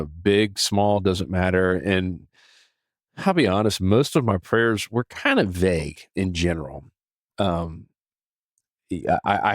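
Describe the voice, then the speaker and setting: Earnest low-voiced man talking faith. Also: dry recording, studio quality. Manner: earnest, animated, many restarts and fillers. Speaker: podcast host. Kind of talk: casual devotional talk.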